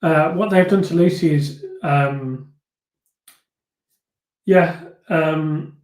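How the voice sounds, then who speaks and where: A man talks through viewer comments on a live stream in a slightly high voice, pausing often and restarting his sentences. He sounds reflective and earnest. The room around him is noticeably echoey. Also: darkish tone. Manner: thoughtful, hesitant, many fillers and restarts. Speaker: host of a live viewer discussion.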